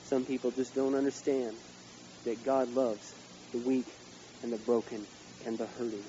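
A male pastor preaching a sermon, swinging between loud outbursts and hushed asides. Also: mid-range voice, little pitch movement, normal speed, pauses often, muffled recording, slight background noise.

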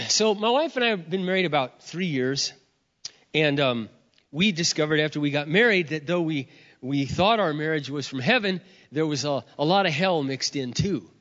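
Middle-aged male preacher, emotive storyteller, slightly high voice, echoing hall, dull lo-fi recording. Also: moderate pace. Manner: expressive, animated storytelling, voice surging loud and dropping low. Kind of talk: sermon with personal story. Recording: dull sound, long reverb of a hall.

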